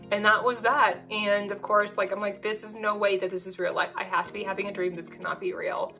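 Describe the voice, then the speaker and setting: A woman's voice: mid-range voice, rough recording. Chatty woman telling a personal story. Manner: chatty, animated, lots of fillers.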